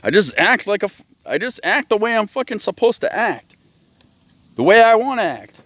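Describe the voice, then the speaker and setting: A man's voice: high-pitched, big pitch swings, normal speed, fairly bright tone, dry recording. A man hosting his own show, ranting in a blunt, profane, rambling monologue. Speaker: host.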